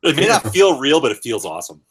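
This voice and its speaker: A man hosting a relaxed podcast chat, his voice sitting at a middle pitch. He rambles with plenty of fillers and restarts and swears casually. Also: quick pace, slightly rough. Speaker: podcast host.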